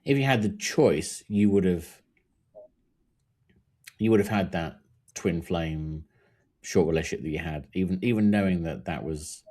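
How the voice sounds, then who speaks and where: Male podcast host, very low and dark, husky, halting questions. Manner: halting, restarts questions often. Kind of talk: casual interview questions.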